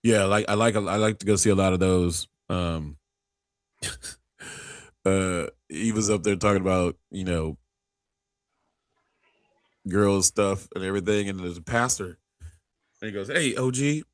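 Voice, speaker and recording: A man's voice: sits low, steady tone, unhurried, long pauses, no room sound, studio quality. A man hosting a podcast in casual chat, rambling through stories and acting out the people in them. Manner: rambling storyteller who acts out quotes, many restarts. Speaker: podcast host.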